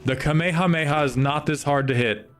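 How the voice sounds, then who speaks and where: A man's voice: a little high, brisk, fairly bright tone, clear, resonant tone, soft background music. A young man streaming a video game, reacting with constant frustrated swearing as he plays. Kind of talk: live gameplay commentary.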